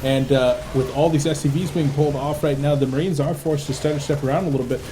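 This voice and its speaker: A tired man casting a video game match live, with rapid play-by-play and excitable bursts. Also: on the high side, background noise. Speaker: play-by-play esports caster.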